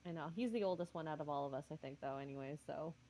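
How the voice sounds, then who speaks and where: A woman's voice: low-pitched, fast talker, warm tone, slight background noise. A woman hosting a livestream, chatting casually and laughing often. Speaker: streamer host.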